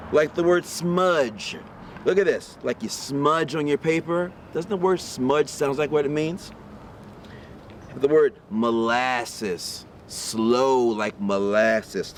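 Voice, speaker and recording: A man reading a children's picture book aloud outdoors in a park, pausing to ask his young listeners questions. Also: fairly high pitch, a little hiss or hum. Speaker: storybook reader for children. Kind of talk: read-aloud storytelling. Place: outdoors in a park on a windy day.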